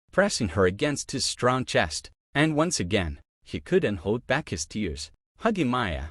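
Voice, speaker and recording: A man narrating a love story with an expressive, emotional reading. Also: mid-range voice, no room sound, clean studio sound.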